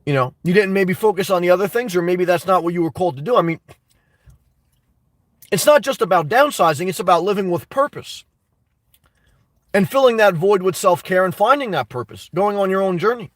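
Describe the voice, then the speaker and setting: A man on a casual live stream answers his chat in an animated, fairly quick, high voice, hammering his points through repetition and laughing in between. He's recorded from a distance, with no room sound.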